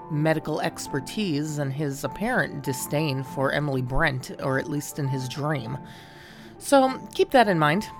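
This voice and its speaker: Teacher lady talking slowly about the reading, deep voice, music playing behind. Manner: relaxed, instructive, with fillers. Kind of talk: classroom introduction.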